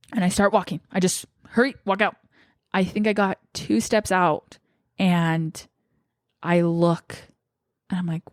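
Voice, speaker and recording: A woman's voice: lowish voice, dry recording, studio quality. A young woman vlogger telling a personal story in a casual, emotional way, shaky and tearful at times.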